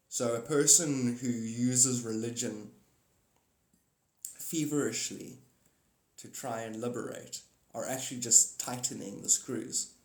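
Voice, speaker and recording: A man hosting a livestream, rambling casually about spirituality and laughing often. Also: medium pitch. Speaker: livestream host. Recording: echoey room.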